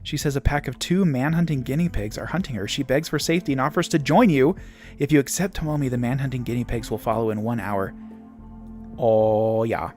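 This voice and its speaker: A man's voice: mid-range voice, brisk, darkish tone, faint music behind. A young man casually commenting on a strategy game he plays at home, reading game events aloud in a playful way. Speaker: game streamer.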